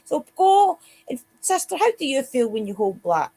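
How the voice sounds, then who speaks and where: A woman's voice: high-pitched, sing-song, normal speed, dark tone. A Scottish woman co-hosting a casual spiritual chat show, talking straight to her listeners. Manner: chatty, addresses listeners directly. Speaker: co-host.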